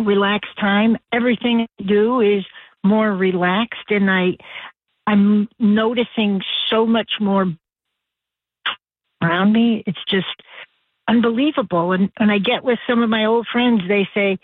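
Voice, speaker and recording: A woman's voice: mid-range voice, no room sound. Woman caller, easygoing talk, tinny phone line, dry. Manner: easygoing, relaxed. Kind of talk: casual phone-in chat.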